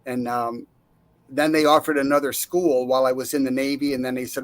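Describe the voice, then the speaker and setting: A middle-aged man recounting his life in a relaxed interview, acting out the voices of the people he quotes, with frequent fillers and restarts. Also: mid-range voice, brisk. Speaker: interview guest, Navy veteran. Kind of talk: casual storytelling.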